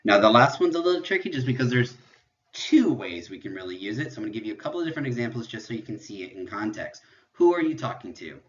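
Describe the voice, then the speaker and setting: A man teaching a French lesson in a recorded lecture, patiently explaining and repeating examples slowly. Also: mid-range voice, sing-song, highs cut off.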